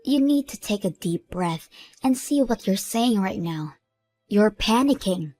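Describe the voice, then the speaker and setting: A patient young woman engaged to be married, played by a woman speaks in a soothing, reasonable way in an animated story. Her mid-pitched voice is recorded dry and close, with faint music underneath. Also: unhurried, no room sound. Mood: pleading.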